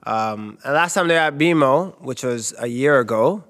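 A young man from Canada co-hosting a casual soccer talk show, telling stories with lively quoted voices. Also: medium pitch, normal speed. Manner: animated storyteller, jumps into quoted voices. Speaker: co-host and soccer analyst. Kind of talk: casual sports chat.

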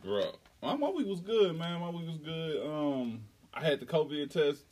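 A young man in casual podcast chat, an animated storyteller who breaks into laughter and squeaky acted-out lines. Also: normal speed. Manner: animated, laughing storyteller, swings into high squeals when acting out stories. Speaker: podcast co-host.

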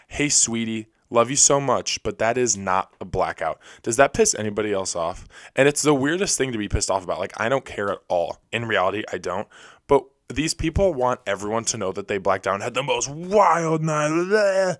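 A young man hosting a podcast alone, telling stories in a rapid, rambling, self-deprecating way. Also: lowish voice, animated, dry recording, studio quality. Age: young adult. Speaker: podcast host. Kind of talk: casual solo storytelling. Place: recording alone.

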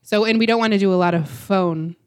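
A young woman co-hosts a casual podcast, backing up her friend with playful comments and easy laughs. Her voice is mid-pitch and relaxed in an everyday way. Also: dry recording, clean studio sound. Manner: supportive, playful, quick to laugh. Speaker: podcast co-host. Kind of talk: casual chat.

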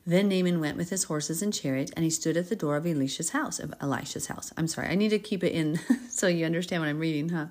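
A woman hosting a Bible podcast, reading scripture aloud and breaking off into expressive, giggly commentary. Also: low-pitched, fast talker. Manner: expressive, giggly, acts out characters in paraphrase.

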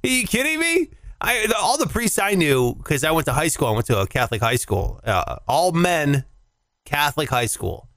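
Young male podcast co-host, lively pitch, irreverent jokes, dry close mic; casual banter. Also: normal speed, no echo. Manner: joking, irreverent, animated. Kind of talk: casual chat. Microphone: headphones and mic, remote call.

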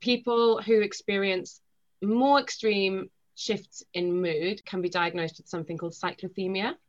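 A young woman, a podcast guest, talking quickly and animatedly, acting out the things people said. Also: mid-range voice. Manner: rapid, animated storytelling with acted-out quotes. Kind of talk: podcast conversation. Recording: dull lo-fi sound.

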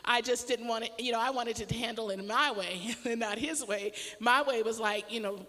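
A woman's voice: a little high, brisk, few pauses, long reverb tail. A middle-aged woman pastor tells a personal story in a casual sermon, laughing often as she talks. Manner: animated storytelling with frequent laughter.

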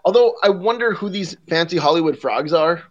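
A man's voice: a little high, lively intonation, a little fast. A man co-hosting a podcast in casual chat, musing aloud with hesitant restarts. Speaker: podcast co-host. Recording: dull lo-fi sound.

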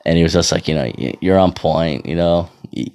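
A man's voice: deep voice, fairly quick, a little mellow. A man in his thirties telling a rambling, profane story in casual monologue, often laughing. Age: 30s. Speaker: amateur hockey goalie.

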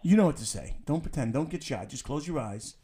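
A man's voice: a little high, animated, fairly quick, dark tone. A man hosting a talk show, joking and teasing his caller in a crude, playful way. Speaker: radio show host. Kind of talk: crude comedic banter.

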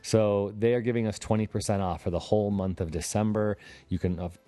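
A man hosting a podcast in casual chat, upbeat and jokey, with quick asides. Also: fairly low pitch, steady tone, mellow, no room sound, soft background music. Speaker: podcast host.

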